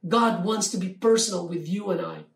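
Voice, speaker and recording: A preacher giving a measured sermon, slowing down to read scripture verses aloud. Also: medium pitch, vocal fry. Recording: roomy echo, mic at a distance.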